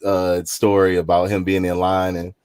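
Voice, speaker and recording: A man in casual conversation, relaxed and encouraging as he responds to a story. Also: deep voice, moderate pace, clear, resonant tone, no echo, studio quality. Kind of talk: casual chat.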